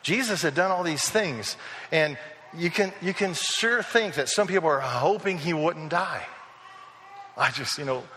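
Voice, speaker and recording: Bright-voiced preacher in a reverberant hall. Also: male voice, fairly high pitch, expressive, normal speed, a little hiss or hum. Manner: conversational storytelling, acting out quoted voices. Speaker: pastor. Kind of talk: sermon.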